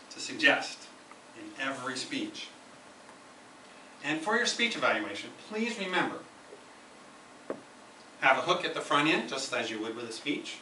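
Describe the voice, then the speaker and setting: A man at a speaking club meeting delivers a prepared educational speech, emphatic and repeating key phrases to drive his points home. His mid-range voice is animated and sharp, unhurried with frequent pauses. Captured by a distant camera in an echoey room, the audio has slight background noise.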